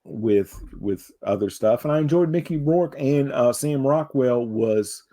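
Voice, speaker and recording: A man's voice: medium pitch, unhurried, mellow. A man co-hosting a podcast in casual chat, with a wry, self-deprecating humor. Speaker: podcast co-host.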